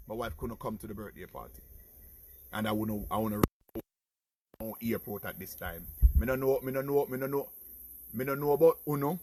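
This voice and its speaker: A middle-aged Jamaican man telling his own life stories in a casual vlog, animated and talking to his viewers as "people". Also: medium pitch, husky. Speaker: vlogger. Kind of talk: casual storytelling.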